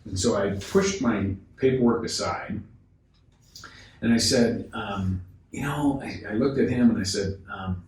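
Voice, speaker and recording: A man who is a guest on a podcast, telling a sales story with animated delivery, acting out the dialogue and often restarting his sentences. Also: on the low side, a little slow. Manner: acts out dialogue, frequent restarts. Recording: echoey room, distant mic, faint noise.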